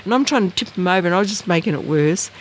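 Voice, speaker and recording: An Australian woman from Bathurst Island, northern Australia, races through personal stories in a casual interview, with a faint hiss or hum audible. Her telling rambles with many fillers and restarts. She is animated and acts out quoted voices with dramatic pitch jumps.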